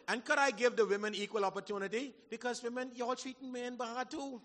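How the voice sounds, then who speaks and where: A man preaching a sermon in a church hall, folksy and animated, swinging from shouts to low asides. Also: fairly quick, few pauses. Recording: long hall reverb.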